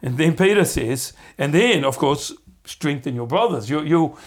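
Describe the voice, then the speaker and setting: At a moderate pace with hardly any pauses, a man with a fairly high voice hosts a podcast where he teaches from the Bible. He sounds earnest and conversational, repeats words often, and gets animated acting out quotes.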